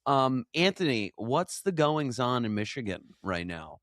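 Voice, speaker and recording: A man hosts a podcast in relaxed, joking conversation. He teases his co-hosts and steers the talk. The mic sound is dry and close. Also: mid-range voice, unhurried, no room sound. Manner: playful, teasing, leads the conversation. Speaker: podcast host. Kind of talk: casual chat.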